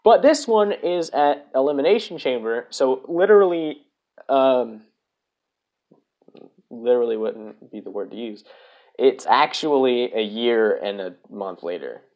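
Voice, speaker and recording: A man's voice: medium pitch, sing-song, unhurried, darkish tone, lo-fi sound. A man hosting a casual solo podcast, rambling, swearing and correcting himself as he goes. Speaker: podcast host.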